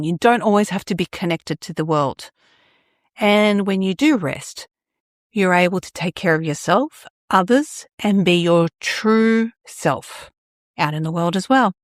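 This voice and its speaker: A woman hosting a solo podcast, chatty and animated, acting out little scenes as she talks. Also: mid-range voice, no room sound, studio quality. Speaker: astrologer podcast host.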